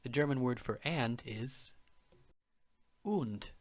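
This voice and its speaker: A man's voice: medium pitch, slow pace. A man narrating a beginner language lesson, explaining words patiently and step by step. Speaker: language teacher.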